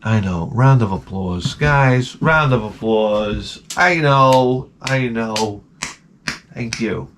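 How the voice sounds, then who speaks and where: A man's voice: mid-range voice, takes it slowly, noisy background. Rambling, sarcastic man telling a story. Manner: rambling, sarcastic, gets loud and exasperated. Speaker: vlogger. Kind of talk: casual storytelling vlog.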